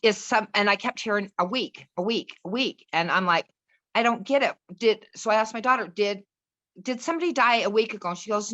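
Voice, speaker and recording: Bright-voiced woman telling a story. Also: mid-range voice, expressive, a little fast. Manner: earnest, rambling, restarts and quotes others. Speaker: podcast guest. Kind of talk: casual storytelling chat.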